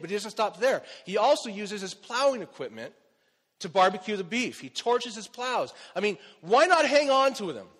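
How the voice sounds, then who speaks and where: Chatty pastor, higher male voice, reverberant. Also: a bit bright. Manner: conversational, rhetorical questions, frequent "okay?" and "right?". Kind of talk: sermon. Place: church.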